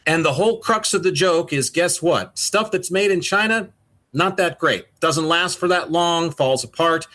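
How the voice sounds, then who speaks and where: A man's voice: fairly high pitch, moderate pace, sharp tone. A man co-hosting a casual podcast, rambling and swearing through exasperated rants. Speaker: podcast co-host.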